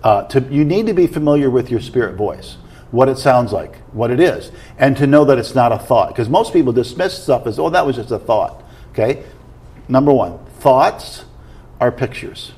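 Husky man explaining earnestly. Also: medium pitch, expressive, moderate pace, a little mellow. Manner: earnest, explanatory, asks questions to check. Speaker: guest teacher on prayer. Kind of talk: teaching in a conversation.

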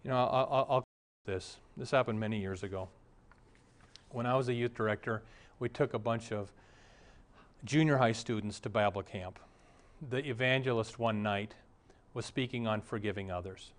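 A man's voice: fairly low pitch, moderate pace, pauses often. A middle-aged male pastor preaching a sermon, telling stories and briefly acting out the voices of the people in them. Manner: storytelling preacher, acts out quoted voices.

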